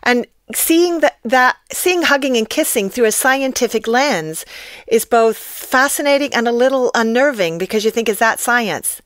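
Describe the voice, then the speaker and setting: A woman's voice: a little high, animated, normal speed, dry recording, clean studio sound. An American woman talking as a podcast guest, explaining ideas in a reflective way. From United States. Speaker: guest expert. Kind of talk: podcast interview.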